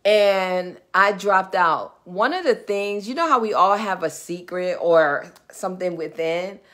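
A woman's voice: fairly low pitch, measured pace, fairly bright tone. A woman with a New York accent hosting a live business Q&A, chatty and digressive, talking straight to viewers. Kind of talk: casual live-stream chat. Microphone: webcam or phone on a live video stream.

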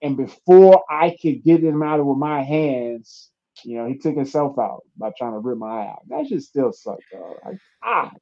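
Animated young male fighter, dull audio. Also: mid-range voice, normal speed. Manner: animated storytelling, acts out quotes, swears freely. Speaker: UFC fighter. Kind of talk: casual interview chat.

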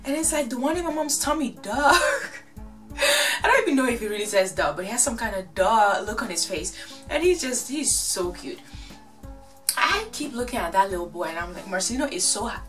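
Gossipy woman vlogger, slightly distant mic. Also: mid-range voice. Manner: gossipy, animated, acts out quotes. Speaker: reality TV recap vlogger. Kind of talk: casual chatty recap.

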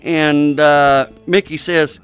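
A man's voice: on the high side, steady tone, a bit bright, clean tone. A man telling long rambling jokes in a casual online hangout, with lots of hesitant uhs. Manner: rambling, drawn-out delivery with many uhs. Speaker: joke teller in an online game lobby.

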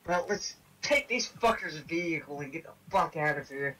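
Bright, blunt, cursing man at a game table. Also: on the high side, animated, normal speed, low-quality recording. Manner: profane, frustrated, blunt.

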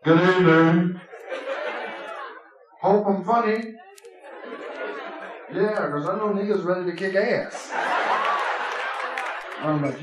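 A man's voice: high-pitched, slow pace, long pauses, heavy background noise. A man doing live stand-up in a club, telling profane, streetwise stories. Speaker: stand-up comedian. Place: nightclub stage. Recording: echoey club with crowd laughter.

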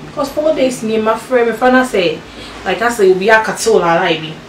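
A woman's voice: fairly high pitch, animated, fairly quick, a little hiss or hum, close to an everyday voice. A woman playing a young woman being chatted up, talking casually in a comedy skit. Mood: chatty. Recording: roomy, distant from the mic.

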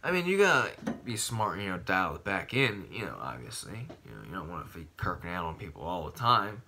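A man's voice: low voice, big pitch swings, fairly quick, pushed and bright, a little hiss or hum. A young man vlogging about fitness in a casual, profane, rambling way, saying "dude" constantly. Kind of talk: casual vlog talk.

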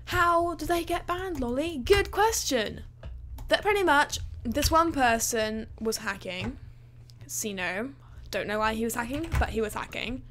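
A woman chats through a gaming livestream, hyper and talkative, her voice sitting a little high. She fills her talk with likes and ums. Faint keyboard typing can be heard behind her. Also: a bit bright, slight background noise. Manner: hyper, chatty, many fillers. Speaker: gaming streamer. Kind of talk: excited livestream chat.

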